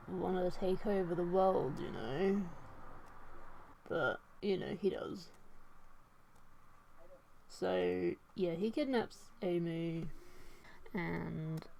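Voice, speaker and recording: A woman's voice: on the low side, darkish tone. A young woman chatting casually while she draws, rambling, swearing often and laughing at herself as she retells an old story. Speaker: artist and vlogger. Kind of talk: casual chat while drawing.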